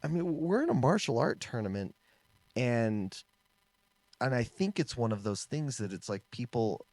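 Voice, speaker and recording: A man co-hosting a casual podcast, an animated storyteller who laughs often and trails off and restarts. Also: mid-range voice, normal speed, no echo. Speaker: podcast co-host, martial arts instructor.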